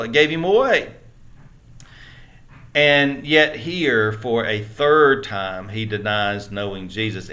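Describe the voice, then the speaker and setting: A man's voice: lowish voice, bright, forceful tone. A man with a Southern American accent teaching a church Bible lesson in an earnest, conversational way, often turning to his listeners with questions. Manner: earnest, conversational, with many restarts; asks listeners rhetorical questions.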